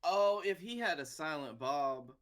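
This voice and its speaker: A man's voice: fairly high pitch, expressive, measured pace, fairly bright tone. Dry-witted male wrestling podcaster. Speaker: podcast co-host. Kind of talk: casual wrestling chat.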